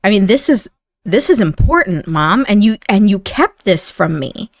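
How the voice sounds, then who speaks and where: A woman's voice: medium pitch, big pitch swings, normal speed, dry recording. Woman doing angry young man, accusing, life-sim game, dry close mic. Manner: bitter, accusing. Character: angry young man confronting his family.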